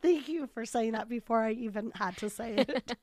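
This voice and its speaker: With a fairly high, somewhat mellow voice at a moderate pace, a young woman podcast co-host chats casually, laughing a lot and voicing little quotes as she recounts stories. The audio is clean studio sound with no room echo.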